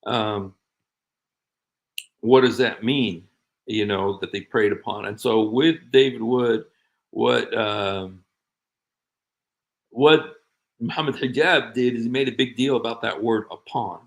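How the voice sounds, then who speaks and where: A middle-aged man hosting a casual livestream chat, rambling and animated with frequent laughs. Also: medium pitch, slow, long pauses, low-quality recording. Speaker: show host.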